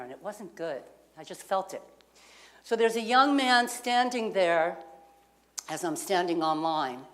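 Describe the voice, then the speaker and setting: A woman minister gives a sermon, telling a personal story in a conversational way and asking the congregation questions. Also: lowish voice. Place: community center lounge.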